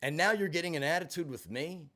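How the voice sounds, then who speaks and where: This vlogger tells a personal story in an animated monologue, his voice on the high side and his pace quick. He's expressive and swears freely, tossing in sarcastic asides.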